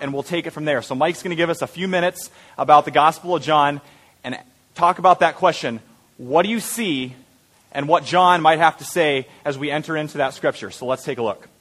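A man's voice: on the high side, fairly bright tone. A man leading a church service, posing rhetorical questions to a congregation and repeating words as he goes. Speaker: service leader. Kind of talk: sermon introduction.

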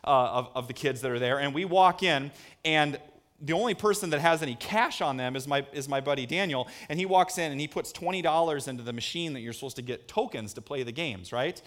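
A male pastor preaching a sermon, telling a lively personal story and acting out the voices in it. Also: a little fast. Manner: animated storyteller, acts out voices with big pitch jumps. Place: church hall with a screen.

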